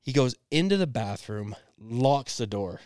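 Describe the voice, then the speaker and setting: A young man co-hosting a podcast, telling a family story in an animated way and laughing often. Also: medium pitch, a little slow, no room sound, clean studio sound. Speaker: podcast co-host. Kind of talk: casual storytelling chat.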